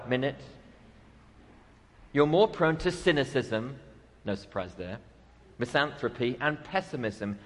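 A male pastor preaching a sermon, telling stories with a dry sense of humor. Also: mid-range voice. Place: church sanctuary. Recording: long church reverb.

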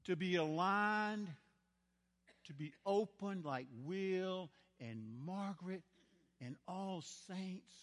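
Slow, high-voiced preacher in a reverberant church. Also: male voice. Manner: storytelling, folksy, dramatic swings in loudness. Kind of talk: sermon. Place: large church. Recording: church hall with long reverb.

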